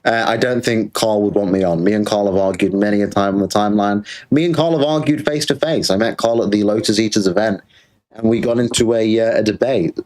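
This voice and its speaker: British male streamer, low-ish voice, tired and annoyed, mocking and sweary rant. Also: brisk, a little mellow. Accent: British English. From Britain. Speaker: livestream host. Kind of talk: casual livestream rant.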